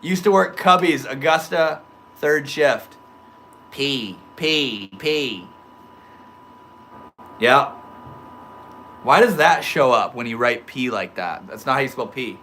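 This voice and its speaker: A man's voice: medium pitch, animated, slow, pauses often, bright, forceful tone, slight background noise. A man chatting loosely with his livestream viewers, reading their comments aloud in slangy talk full of bro and dude. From Maine. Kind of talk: casual livestream chat.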